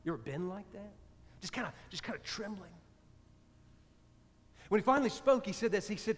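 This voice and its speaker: High-voiced priest in a reverberant church. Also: male voice, animated, fairly quick, pauses often. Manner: conversational, drops to soft hushed tones. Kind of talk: storytelling sermon. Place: church sanctuary.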